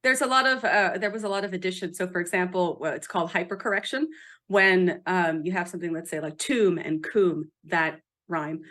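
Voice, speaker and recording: A woman author chatting as a podcast guest, animated and quick to laugh, emphatic about how words are pronounced. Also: fairly low pitch. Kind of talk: casual podcast interview.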